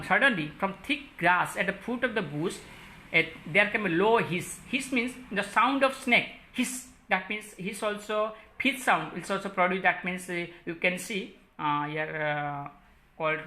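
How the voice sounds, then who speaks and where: Woman teacher, Odia English accent, crisp bright tone, halting, lots of fillers while listing word meanings. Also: medium pitch. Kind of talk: classroom lesson explaining a story.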